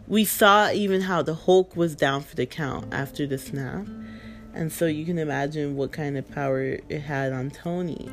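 A woman chatting casually and emotionally about a film, rambling with lots of fillers. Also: sits low. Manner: rambling, filler-heavy, emotional, laughing through tears. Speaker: movie fan vlogger. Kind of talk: casual chat.

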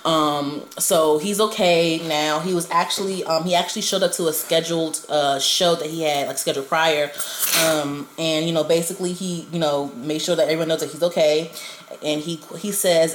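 Woman, lowish voice, casual gossip chat, animated storyteller, lots of fillers, echoey room. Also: normal speed. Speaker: co-host. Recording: echoey room with faint noise.

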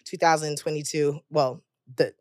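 A woman in her thirties co-hosting a podcast, telling candid stories in casual chat with frequent cursing and loud, high outbursts when she jokes. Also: fairly even intonation, normal speed, no room sound, clean studio sound. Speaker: podcast co-host.

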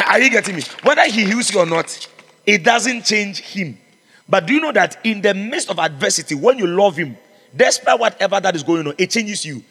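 A man's voice: high voice, lively intonation, normal speed, sharp tone, slightly rough, in a large hall. A man preaching a sermon as pastor, fervent and exhorting, calling out to his congregation. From Ghana.

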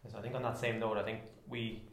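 A man on a physio clinic staff speaking up in a team meeting, measured and a little hesitant. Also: on the low side, flat delivery. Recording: echoey room, mic far off.

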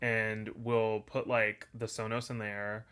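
A man co-hosting a casual chat, telling stories with lots of voices and quick laughs. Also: on the low side, smooth. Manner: animated storyteller, mimics voices, laughs often. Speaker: podcast co-host.

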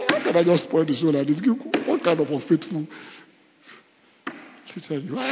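A man with a Nigerian accent, a pastor preaching a sermon with animated storytelling and bursts of laughter. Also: on the high side, a little fast, pauses often. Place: church. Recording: dull sound in a reverberant hall.

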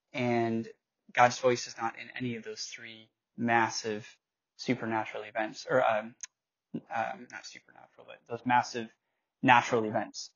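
Casting: young male Bible teacher, casual and conversational, husky tone, dull lo-fi recording. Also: mid-range voice. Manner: loose and conversational, reads scripture aloud with slips and self-corrections.

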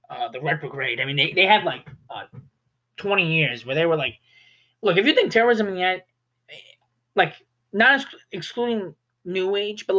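A sharp-toned, mid-range voice belongs to a young adult casually reviewing films. The talk meanders, full of "like" and restarted sentences as they correct themselves.

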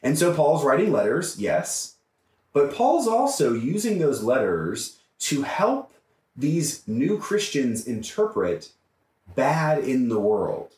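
A man, a priest, teaching a Bible study in an emphatic, animated way, often asking "right?" as he goes. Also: mid-range voice, slow. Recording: echoey room, mic far off.

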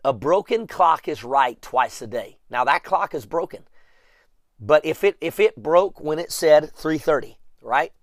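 A man's voice: fairly high pitch, lively intonation, unhurried, no echo, clean studio sound. A man preaching a sermon, talking emphatically, repeating phrases over and over as he builds up.

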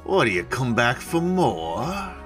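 A man's voice: mid-range voice, sing-song, takes it slowly, fairly bright tone, soft background music. A man voicing a burly, bald, bearded human bully who taunts and picks fights. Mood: taunting. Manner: taunting, aggressive.

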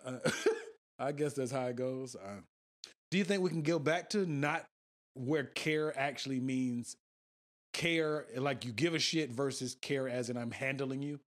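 A man's voice: mid-range voice, unhurried. A man in casual, profane conversation, telling stories and laughing often. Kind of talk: casual chat.

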